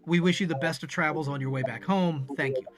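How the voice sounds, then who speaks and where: A man's voice: a little high, quick pace, natural voice. A man quoting a polite hotel manager. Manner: courteous and formal.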